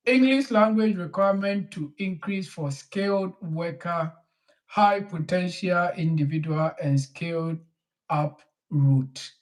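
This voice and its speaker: A man, a lawyer who explains immigration rules slowly and mixes English legal terms into his Twi. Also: sits high. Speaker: lawyer answering questions. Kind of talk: explanatory talk in a live online session.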